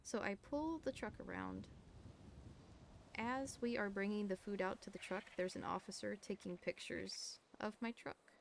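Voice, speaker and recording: A woman telling a story in character on a roleplay game stream, animated and acting out what others said. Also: mid-range voice, measured pace, vocal fry, slight background noise.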